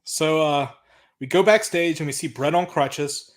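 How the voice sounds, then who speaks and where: A man's voice: a little high, unhurried. A man co-hosting a wrestling podcast, recapping an old episode in a blunt, exasperated, often profane way. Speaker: podcast co-host. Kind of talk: casual chat recapping wrestling.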